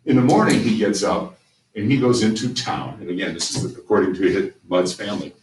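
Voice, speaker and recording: A man's voice: on the low side, expressive, a little fast, a little mellow. Man lecturing in a roomy classroom. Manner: storytelling, conversational with repeated restarts. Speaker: history teacher. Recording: roomy, distant mic with faint ambient noise.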